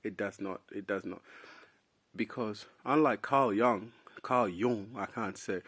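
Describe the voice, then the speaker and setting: A young man from South Sudan talks off the cuff in a loose, rambling monologue, peppered with "bro" and restarts. His voice sits on the lower side. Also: a little slow, fairly bright tone. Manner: casual, rambling, says "bro" a lot. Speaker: vlogger. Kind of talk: unscripted opinion monologue.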